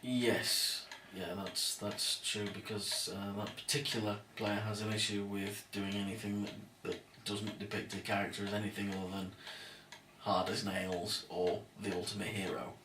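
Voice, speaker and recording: A man's voice: lowish voice, flat delivery, normal speed, far from the mic. A man co-hosting a casual chat, giving short agreeing replies with dry humor. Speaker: podcast co-host. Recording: roomy echo, off-mic, faint noise.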